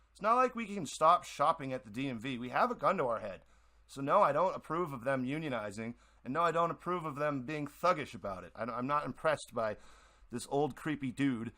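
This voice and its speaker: A man's voice: on the high side, bright, forceful tone. A man from the Boston area hosting a radio show, talking in a rambling, heated monologue with many restarts. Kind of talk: casual opinion monologue.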